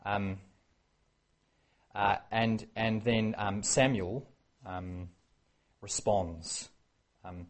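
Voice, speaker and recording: A man preaching a sermon, animated and acting out the quoted exchanges. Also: on the low side, slow, pauses often. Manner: animated, acts out quoted exchanges, many fillers.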